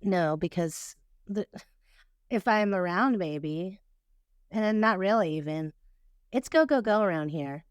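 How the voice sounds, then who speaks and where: Smooth-voiced woman co-host, quick back-and-forth. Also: mid-range voice, lively intonation, no room sound, studio quality. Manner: reactive, pushes back and asks questions. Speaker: podcast co-host. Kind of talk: casual podcast chat.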